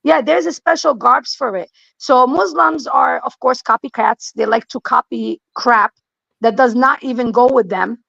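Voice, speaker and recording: A blunt, emphatic middle-aged woman, her voice a touch high and gravelly with fry. She talks casually and repeats her points for weight. The sound is dull and lo-fi in a dry, dead space. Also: moderate pace, fairly bright tone, dry recording. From Lebanon. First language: Aramaic. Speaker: guest. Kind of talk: casual conversation.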